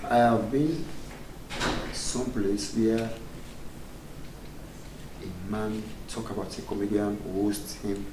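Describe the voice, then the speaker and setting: A man's voice: fairly low pitch, fairly even intonation, slow pace, long pauses. Laughing comedian man, roomy and distant. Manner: laughs often, broken pidgin-tinged phrasing. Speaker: comedian guest. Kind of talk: casual interview chat. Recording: roomy sound from far off, faint background noise.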